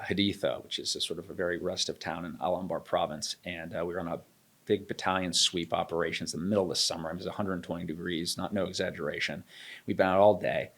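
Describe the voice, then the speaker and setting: A man in his thirties, an interview guest, telling a story and acting out the dialogue. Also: low voice. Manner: animated, acts out quoted dialogue. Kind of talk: storytelling in a conversation.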